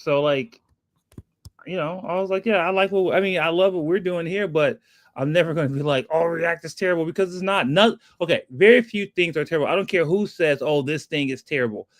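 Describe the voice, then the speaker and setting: A man's voice: on the high side, dry recording, studio quality. Upbeat, hype-driven male stream co-host. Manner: upbeat, greets viewers by name, hype phrases. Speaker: co-host of a developer live stream. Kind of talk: casual live-stream chat.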